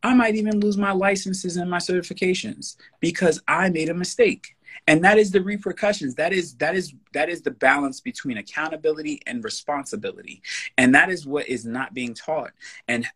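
A man's voice: fairly high pitch, brisk, a bit bright, breathy edge. A man speaking as a guest in a casual podcast conversation, emphatic, blunt and profane. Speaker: personal trainer.

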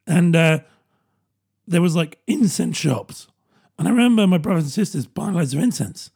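A man's voice: on the high side, expressive, normal speed, creaky, a little mellow, slightly rough. A British man in his thirties, rambling and self-mocking in a casual comedic monologue, laughing often. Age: 30s.

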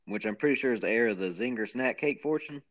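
A man's voice: mid-range voice, expressive, fast talker, a bit bright. A man co-hosting a podcast, rambling and joking in a self-mocking way. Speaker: podcast co-host. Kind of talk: casual chat.

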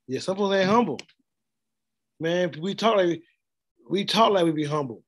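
A man's voice: sits high, lively intonation, a little slow. A middle-aged man preaching a blunt, informal sermon and laughing often as he speaks. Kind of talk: street sermon.

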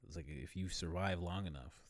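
A man's voice: deep voice, fairly quick, no echo. A man in casual, rambling conversation who swears freely and laughs often. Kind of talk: casual chat.

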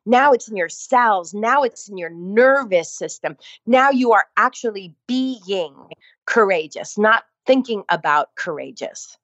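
A woman's voice: mid-range voice, animated, unhurried, fairly bright tone, dry recording, muffled recording. A woman, a fitness instructor, telling her story in a conversation, emphatic and repeating phrases for effect.

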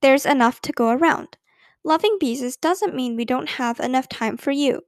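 A woman voicing a gentle, patient mother who speaks softly and calmly to her upset child. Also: high-pitched, moderate pace, no room sound, studio quality. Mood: tender. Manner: soft, calm, gentle.

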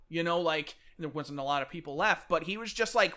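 A man co-hosting a casual podcast chat, animated, often acting out characters' lines. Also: on the high side. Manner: animated, fast-talking enthusiast who acts out characters' lines. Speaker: podcast co-host. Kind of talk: casual chat about books.

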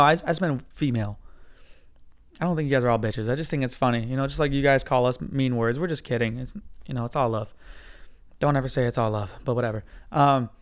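A young man hosting a podcast, telling a profane, animated story in a ranting casual monologue. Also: mid-range voice. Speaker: podcast host.

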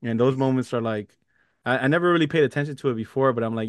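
Man, podcast co-host, casual movie chat, animated retelling, dry close recording. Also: mid-range voice, fast talker, no echo. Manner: animated, quotes movie lines with laughter.

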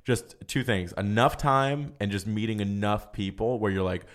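A man's voice: on the low side, moderate pace. A man hosting a casual comedy podcast, bantering, swearing freely and reading out listener questions. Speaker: podcast host.

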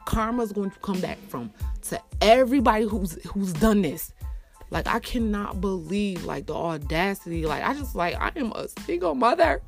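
A woman vents about a rotten week in a fast, exasperated rant, cursing freely and leaping up in pitch whenever the outrage peaks. Between outbursts she sinks into low, grumbling asides. Faint music plays underneath. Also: big pitch swings, vocal fry. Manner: heated, profane, exasperated, swings between shouting up and muttering low. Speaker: single mother telling a personal story. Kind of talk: angry storytime rant.

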